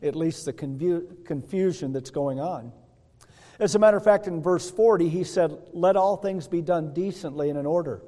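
A man's voice: fairly high pitch, moderate pace, warm tone. A male pastor preaching a sermon in a folksy way, often checking in with the congregation. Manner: folksy, asks the congregation "Hello?". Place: church sanctuary. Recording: long hall reverb.

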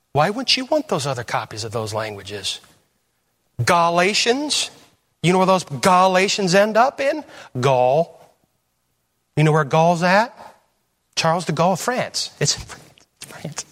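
A man delivers a teaching sermon in a church. His voice sits a little high, and he keeps throwing rhetorical questions at the room. He swings between loud, pointed emphasis and quiet, low asides. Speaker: preacher.

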